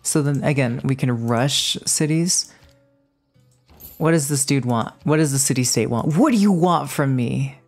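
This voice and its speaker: Low-voiced excitable woman streamer. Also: unhurried, soft background music. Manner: playful, teasing banter with chat; excitable outbursts. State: just woke up. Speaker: game streamer. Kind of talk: casual live gaming commentary.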